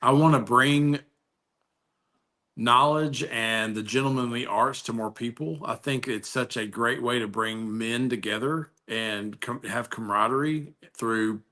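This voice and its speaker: A man's voice: mid-range voice, unhurried, sharp tone. A man telling stories in casual chat on a live video call, enthusiastic and full of restarts. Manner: enthusiastic storyteller, many restarts.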